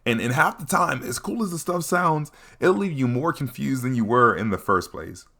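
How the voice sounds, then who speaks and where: A young man telling a comedic storytime, animated and quick to repeat his catchphrases. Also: mid-range voice. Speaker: vlogger.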